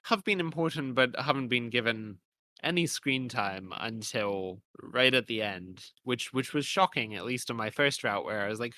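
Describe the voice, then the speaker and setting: A man's voice: mid-range voice, moderate pace, bright, forceful tone. A man co-hosting a podcast, musing in a rambling casual way with many fillers and restarts. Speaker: podcast co-host. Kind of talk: casual discussion.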